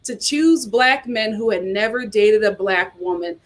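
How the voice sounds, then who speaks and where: A woman with a mid-range voice hosts a casual commentary show at a measured pace, reading articles and viewer comments aloud. She reacts outspokenly, with plenty of exclamations.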